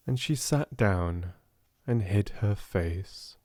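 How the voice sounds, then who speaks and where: A British man narrating an unabridged classic audiobook in an expressive storytelling manner. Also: fairly low pitch, takes it slowly, no room sound. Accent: British English. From Britain. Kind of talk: scripted narration.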